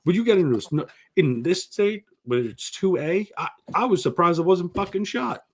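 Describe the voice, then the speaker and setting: A man's voice: high voice, animated, normal speed, husky. A man hosting a casual podcast, telling stories bluntly and swearing freely while teasing his crew. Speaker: podcast host. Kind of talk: casual chat, profane storytelling.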